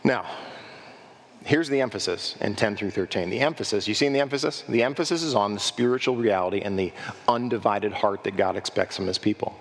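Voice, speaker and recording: Preaching pastor in a reverberant hall. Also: male voice, fairly low pitch. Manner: preaching with rhetorical questions to the congregation; acts out worshippers' voices in quick asides. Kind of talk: sermon.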